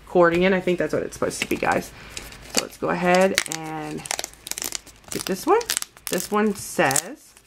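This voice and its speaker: A woman's voice: lowish voice, measured pace, pauses often, background noise. A woman vlogger from the United States chatting casually through a toy unboxing, gushing and calling her viewers guys.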